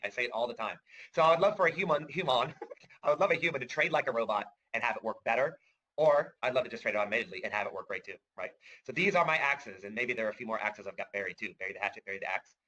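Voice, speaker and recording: A middle-aged trading course instructor gives a webinar presentation, chatty and enthusiastic, often chuckling and asking "right?" His medium-pitched voice sounds pushed and bright, and the audio is lo-fi.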